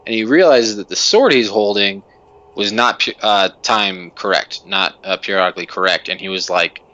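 A man's voice: on the low side, normal speed, sharp tone, muffled recording. A man hosting a podcast, ranting in a casual, profane way with lots of emphatic restarts. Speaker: podcast host.

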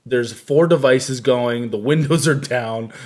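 A man's voice: mid-range voice, takes it slowly, darkish tone. A man co-hosting a casual podcast chat, grumbling dryly and picking at the exact meaning of words. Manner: dry, pedantic, grumbling. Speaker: podcast co-host.

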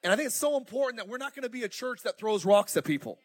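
A high-pitched middle-aged man preaches with fire, urging the congregation on with call-outs. He swings between loud bursts and quiet, close asides, speaking through a stage microphone in a church auditorium. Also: racing. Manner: fiery, animated preaching with crowd call-outs. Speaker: pastor. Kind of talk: sermon.

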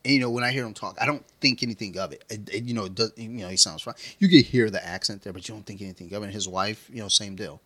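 A man's voice: lowish voice, rapid-fire, few pauses, a bit bright. A man co-hosting a podcast in casual chat, talking bluntly and swearing freely. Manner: blunt and profane. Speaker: podcast co-host.

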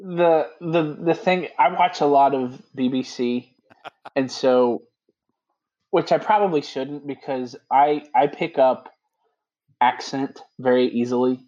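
A man who is a Catholic priest, chatting casually as a podcast guest, laughing easily and filling pauses with "you know.". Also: mid-range voice. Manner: laughs easily, animated, lots of fillers. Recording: slightly dull lo-fi sound.

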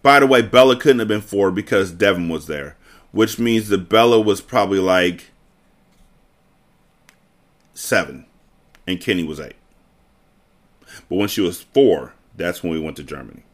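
A man's voice: low voice, normal speed, long pauses. A man hosting a book club show, reading a children's novel aloud and breaking off for sarcastic comments. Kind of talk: read-aloud with comic asides.

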